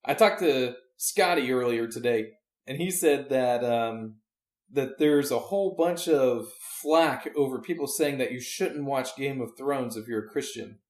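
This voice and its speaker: A man's voice: mid-range voice, measured pace. Man, preacher, casual podcast chat, rambling, restarts, roomy echo. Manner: rambling, searching for words with many restarts.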